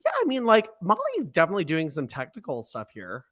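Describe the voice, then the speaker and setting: A man's voice: a little high, huge pitch swings, fast talker. A man co-hosting a podcast, chatting casually about wrestling and often acting out wrestlers' lines with laughter. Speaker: podcast co-host. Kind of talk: casual chat recapping wrestling.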